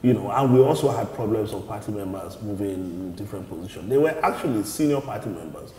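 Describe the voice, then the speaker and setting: This interview features a man speaking for his party in a steady-pitched, mellow, dark voice. He explains things in a measured manner, repeating words as he restarts, while the echoey room adds long reverb and a faint hiss or hum sits underneath.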